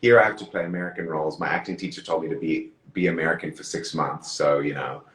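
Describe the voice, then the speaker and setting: A man's voice: very deep voice, fairly even intonation, quick pace, a bit bright, reverberant, poor audio. A man with a mixed Zimbabwean, Australian and British accent, chatting as an interview guest, rambling with many fillers and laughing often. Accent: mixed Zimbabwean, Australian and British English. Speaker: actor, guest. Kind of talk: casual chat.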